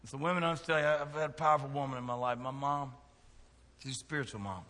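A middle-aged man, preaching a sermon in a church with folksy jokes and big swings in loudness. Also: medium pitch, steady tone, fast talker, big-room sound. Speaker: pastor. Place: church sanctuary.

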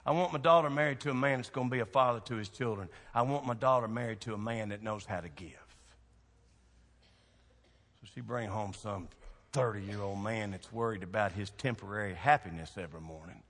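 A man's voice: on the low side, fairly quick, a bit bright, in a large hall. A man, a pastor preaching a sermon with folksy, emphatic storytelling.

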